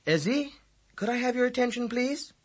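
A man with a husky voice playing a firm, patient woman teacher in a classroom. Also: very high voice, expressive, moderate pace, pitched above the performer's own voice, heavily acted. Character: patient, firm female schoolteacher.

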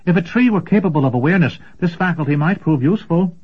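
A man reading aloud lifts his voice into an earnest young apprentice sorcerer, eager and a little pleading. The voice is husky, and the audiobook recording is dull and lo-fi. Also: expressive, fast. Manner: hesitant, pleading, higher than the narration.

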